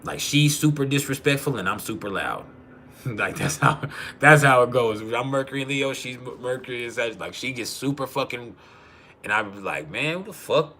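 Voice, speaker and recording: This livestream host speaks at a normal speed in a mid-range voice that sounds pushed and bright. He's a profane, laughing storyteller who talks casually, and a faint hiss or hum sits under the recording.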